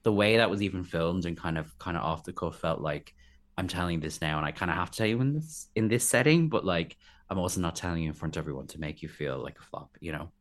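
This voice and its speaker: A man with a fairly low voice, talking as a podcast guest. He is animated and chatty, and often jumps up high to mimic what others said before dropping back to his usual register. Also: quick pace. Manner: animated, acts out quoted voices in high pitch. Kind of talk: casual chat.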